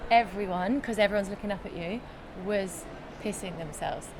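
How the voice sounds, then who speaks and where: A woman's voice: mid-range voice, normal speed, noisy background. A woman, a musical theatre actress, chatting casually and laughing as she tells backstage stories. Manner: giggly, swapping backstage stories. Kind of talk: casual chat. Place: theatre venue.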